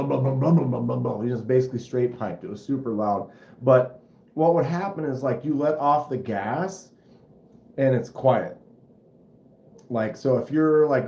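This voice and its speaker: A man hosts a relaxed livestream, telling meandering stories and acting out engine sounds along the way. His voice sits in a roomy space and comes through a little dull and muffled. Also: mid-range voice. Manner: rambling, animated storyteller who mimics engine sounds. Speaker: livestream host. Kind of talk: casual livestream chat. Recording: roomy, slightly dull home stream audio.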